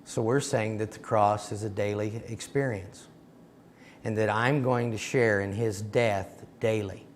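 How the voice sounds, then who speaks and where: A man's voice: fairly low pitch, steady tone, measured pace, a little hiss or hum. A man teaching a sermon seminar, telling stories and speaking in an emphatic, direct way. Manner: recounts dialogue, emphatic and direct. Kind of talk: storytelling sermon.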